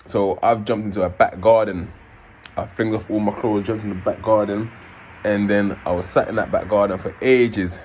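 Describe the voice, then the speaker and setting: A man, casually telling his own story in an animated way, swearing and acting out scenes. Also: fairly low pitch, normal speed, a little hiss or hum. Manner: animated, swearing, acts out scenes in raised voices.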